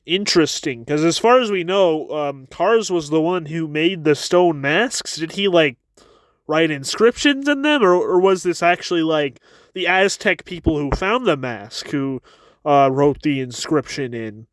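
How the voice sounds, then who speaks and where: High, smooth-voiced man reviewing casually. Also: lively intonation, unhurried, no echo. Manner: stammering, repeats words, wry asides. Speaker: comic chapter reviewer.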